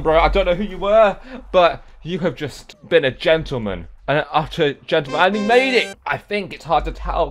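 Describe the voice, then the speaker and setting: A young man commentating a game he is playing, excitable, yelping and swearing at other players, then muttering to himself. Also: medium pitch. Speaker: gaming YouTuber. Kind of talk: let's play commentary.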